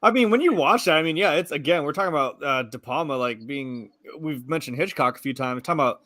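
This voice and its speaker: A man's voice: on the high side, animated, fast talker, pushed and bright, no room sound. A man co-hosting a casual movie review chat over a video call, laid-back, swearing freely and laughing often. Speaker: podcast co-host.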